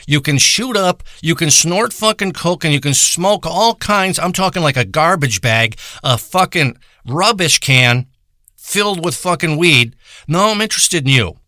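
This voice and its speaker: A man's voice: on the high side, pushed and bright, dry recording, clean studio sound. A man delivering a crude, profane comedic monologue in a boastful rant. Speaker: comedic performer.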